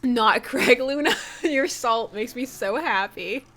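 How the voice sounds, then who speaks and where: A woman's voice: on the high side, slow, sharp tone. A young woman streaming a dating game, reading it aloud and chatting playfully with her viewers, laughing often.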